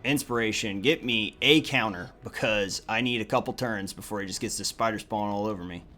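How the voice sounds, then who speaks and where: A young man giving crude, joking commentary over a card video game, swinging from low mutters to loud cheering. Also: fairly quick, soft background music. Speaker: gaming YouTuber. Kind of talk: profane gameplay commentary.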